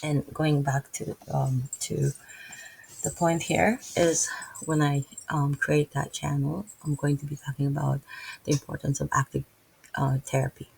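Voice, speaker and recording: A middle-aged Filipino-accented woman talks unscripted to her viewers, stumbling over her words and restarting often. Her voice is gravelly, with a husky, breathy edge. She speaks with open, earnest feeling about her faith. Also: sits low, flat delivery, a little mellow, poor audio. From Philippines. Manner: halting, rambling, many restarts and fillers. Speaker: vlogger and massage therapist. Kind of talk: unscripted casual vlog talk.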